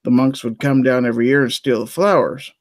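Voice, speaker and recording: A man's voice: medium pitch, steady tone, a little fast, no echo. A man telling jokes in casual chat, checking in with his listeners with a folksy "okay?" between lines.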